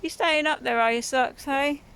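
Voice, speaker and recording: A woman filming her cat in a cold outdoor garden on her phone, cooing at it in a high sing-song. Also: normal speed, a bit bright, slight background noise. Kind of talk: casual vlog talk to a pet. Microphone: phone camera held by her.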